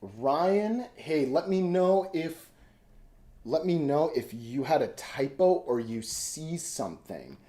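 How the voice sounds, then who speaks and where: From a room at home, a man hosts a casual live stream, rambling and thinking aloud as he reads stock charts. His voice is on the high side and sing-song, warm in tone, and he takes it slowly.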